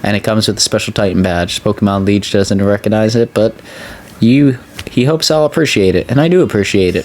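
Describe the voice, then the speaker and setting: A man hosting a let's play, chatting casually and excitably as he plays. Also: fairly quick, slight background noise. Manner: chatty, excitable, voice jumps high when excited. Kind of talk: casual gameplay commentary.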